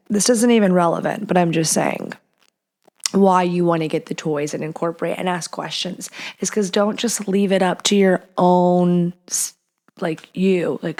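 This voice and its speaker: A woman's voice: on the low side, normal speed, darkish tone. A woman hosting a podcast, giving frank, playful advice in a casual chat, sometimes dropping into a whisper. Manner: blunt and playful, slips into whispers and acted quotes. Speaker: podcast host.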